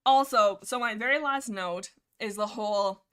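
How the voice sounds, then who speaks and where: Young woman, bright voice, excitable chatty streamer, lots of fillers. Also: medium pitch, moderate pace, clear, resonant tone. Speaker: livestream host. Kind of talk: casual rambling book discussion.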